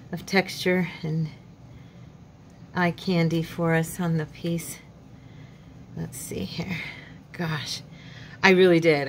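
A chatty woman with a drawl talks through a craft project at home, mixing in little prayers and laughing at her own mishaps. Her voice sits fairly low. There is a faint hiss behind her. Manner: chatty, faith-filled asides, laughs at herself. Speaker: craft channel host. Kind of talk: casual crafting tutorial chat.

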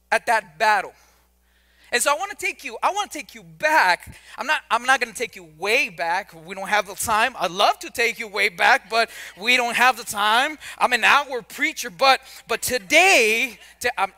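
High-voiced conversational male preacher. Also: pushed and bright. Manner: conversational, repeats words, joking asides. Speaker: pastor. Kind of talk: sermon.

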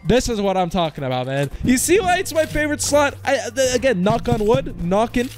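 A young man in his twenties giving excitable, casual commentary as he plays an online slot, groaning at losses and shouting at wins. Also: very high voice, a little fast, faint music behind. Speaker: slot streamer.

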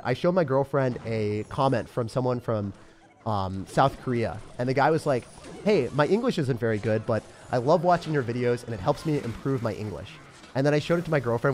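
A young man with a medium-pitched, slightly dark voice chats casually and upbeat on a live game stream. He rambles along, filling his talk with plenty of fillers.

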